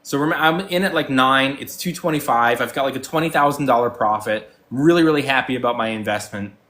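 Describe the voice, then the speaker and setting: A man in his forties talks casually as a guest, and his voice sits right at an ordinary middle pitch. He rambles, circles back with fillers and restarts, and acts out both sides of past conversations as he tells his stories. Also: quick pace, a bit bright. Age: 40s. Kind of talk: casual chat.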